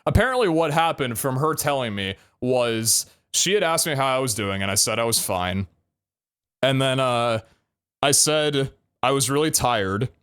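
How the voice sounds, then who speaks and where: A man's voice: medium pitch, expressive, moderate pace, fairly bright tone, smooth. A young adult man streaming live, telling a story casually, full of laughs and casual swearing.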